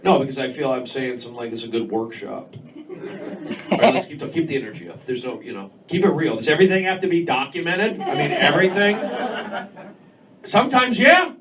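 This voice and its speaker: A man's voice: on the high side, animated, a little fast, distant mic. An American man rambles through a stand-up set, jumping from thought to thought and talking straight to the crowd. He is heard from across the club on a very noisy recording, with the audience laughing behind him. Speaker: stand-up comedian. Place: comedy club stage. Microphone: handheld mic, recorded from a distance.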